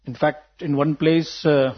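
A man preaches a sermon, often acting out quoted voices and posing rhetorical questions. His voice is husky and sits a little high. The recording sounds muffled and lo-fi. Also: level tone, measured pace.

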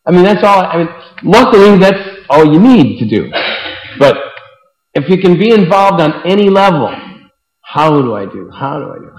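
A man giving an informal devotional talk to a group, telling stories and acting out the people in them. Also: high voice. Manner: animated storyteller acting out quotes. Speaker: book distributor speaking to devotees. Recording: echoey hall with long reverb.

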